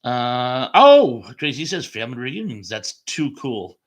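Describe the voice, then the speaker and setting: A man's voice: medium pitch, big pitch swings, a little slow. A man hosting a live chat stream, reading viewer comments aloud in a chatty, rambling way with lots of ums and uhs.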